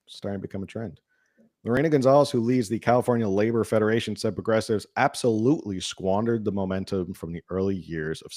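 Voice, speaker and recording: A man's voice: sits low, darkish tone, no echo, studio quality. A man hosting a casual political talk show, reading news articles aloud and adding his own asides. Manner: conversational, reads articles with asides and filler hums. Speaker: podcast host.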